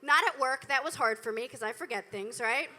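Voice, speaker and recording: A woman's voice: sits high, fairly quick, bright, forceful tone. A woman doing a live stand-up set on a club stage into a handheld mic, telling stories with dry, profane asides to the crowd. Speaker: stand-up comedian. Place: comedy club stage, indoors.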